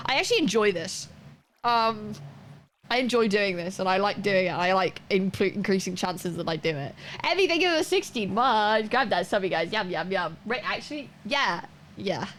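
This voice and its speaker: A young woman chats away as she streams a game, wandering from topic to topic in an easy, rambling flow. Her voice sits at an ordinary middle pitch. A faint hiss of noise lies under it. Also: fairly bright tone. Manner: rambling, chatty, goes off on tangents. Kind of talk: casual chat while gaming live.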